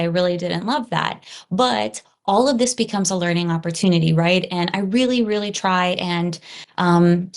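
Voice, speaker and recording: A middle-aged woman hosts a reflective solo podcast. Her voice sits on the low side for a woman. She talks earnestly and checks in with the listener by adding "right?" and "you know.". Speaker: podcast host.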